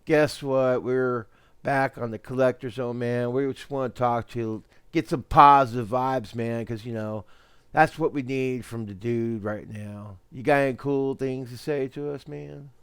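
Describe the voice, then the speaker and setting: A man's voice: medium pitch, fairly even intonation, unhurried, fairly bright tone, clear, resonant tone, no room sound, studio quality. A man hosting a casual chat, rambling, repeating words and laughing often. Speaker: host.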